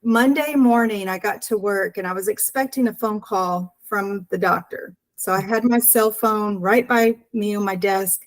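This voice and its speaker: A woman's voice: mid-range voice, moderate pace, hardly any pauses, rough recording. A woman telling an earnest personal story as an interview guest, acting out the dialogue as she goes.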